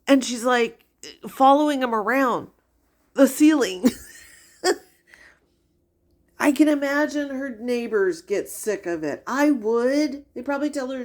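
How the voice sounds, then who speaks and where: A woman's voice: on the high side, expressive, a little slow, a little mellow. A middle-aged woman giving gossipy reaction commentary, incredulous and chatty. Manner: incredulous and gossipy, with frequent sighs and laughs. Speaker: commentary streamer.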